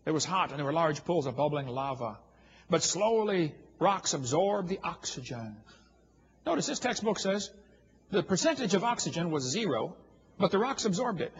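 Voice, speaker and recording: A man's voice: on the high side, lively intonation, a little fast, slightly rough, poor audio. A man giving a humorous lecture to an audience, telling stories in a folksy, joking way. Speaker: creationist speaker.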